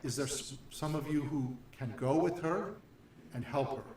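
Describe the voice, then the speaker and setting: A man voicing a weary young noble man who speaks low and matter-of-factly. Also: moderate pace, noisy background, close to an everyday voice. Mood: resigned. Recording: echoey room, distant mic.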